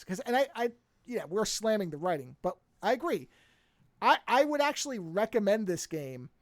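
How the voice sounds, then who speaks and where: Lively, animated podcast co-host. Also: mid-range voice, no echo, clean studio sound. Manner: animated, rambling, frequent restarts. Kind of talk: casual podcast chat.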